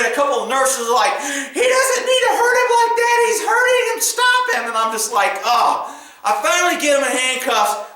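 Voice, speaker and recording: A middle-aged man, a former police officer, casually telling a story, animated, laughing often and acting out loud quotes. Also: extremely high pitch, heavy reverb, poor audio.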